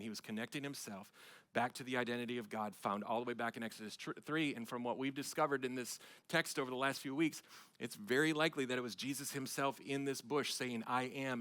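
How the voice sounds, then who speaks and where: A middle-aged man, a pastor, preaching a sermon with emphatic swells of loudness on key phrases. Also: mid-range voice. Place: church sanctuary.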